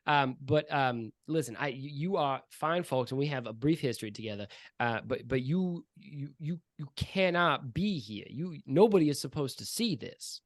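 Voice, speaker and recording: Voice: medium pitch, animated, normal speed, dry recording, clean studio sound. The game master voicing a female baby beholder, a folksy tinkerer with a drawling, apologetic but threatening way of talking. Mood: folksy, warning.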